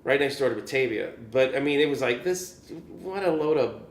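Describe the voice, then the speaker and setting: A man's voice: medium pitch, lively intonation, fairly quick. A male guest musician telling gig stories in a casual, rambling way, full of "you know" fillers and chuckles. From Chicago area, US. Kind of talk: casual storytelling. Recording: roomy echo.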